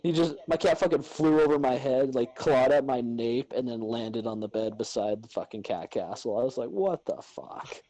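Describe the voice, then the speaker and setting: Young guy on a podcast, dark mellow voice, cussing, doing goofy voices for his cat. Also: medium pitch, fairly even intonation, normal speed, few pauses, poor audio. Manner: swears a lot, acts out pets in silly voices. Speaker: podcast co-host. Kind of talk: casual chat.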